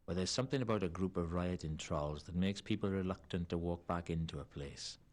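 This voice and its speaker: Surly Welsh half-elf bartender, played by a man, gruff, very deep, evasive. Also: fairly quick, a little mellow, natural voice. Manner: curt and evasive. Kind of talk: video game voice acting.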